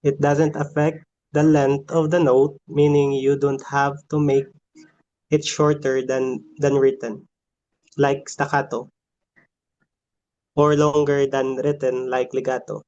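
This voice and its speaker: A man's voice: medium pitch, flat delivery, takes it slowly, a little mellow. A man carefully reading music definitions aloud in a lesson. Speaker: student reader. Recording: dry, dull lo-fi sound.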